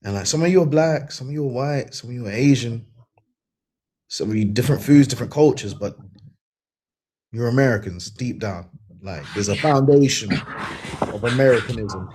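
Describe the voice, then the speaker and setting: A man's voice: mid-range voice, normal speed, pauses often, darkish tone, husky. A man from Britain talking easily and joking in a livestream chat.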